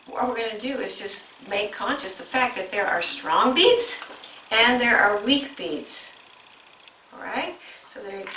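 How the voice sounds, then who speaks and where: A woman's voice: medium pitch, pushed and bright, reverberant, far from the mic, a little hiss or hum, low-quality recording. A woman coaching teachers through a music lesson, explaining step by step and breaking into short sung examples.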